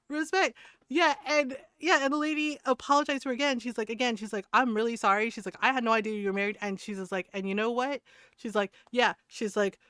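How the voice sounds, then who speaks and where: Woman streamer, high clear voice, dry close mic, gossipy and swearing. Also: brisk, no echo. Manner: animated storyteller, swears freely, laughs often. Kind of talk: casual chat while gaming.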